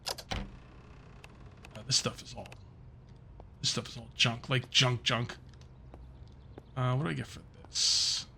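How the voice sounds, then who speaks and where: A man's voice: medium pitch, fairly even intonation, slow pace, creaky, long pauses, pushed and bright, a little hiss or hum. A middle-aged man giving casual, rambling commentary while playing a survival game, thinking aloud and muttering to himself. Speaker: gaming video host.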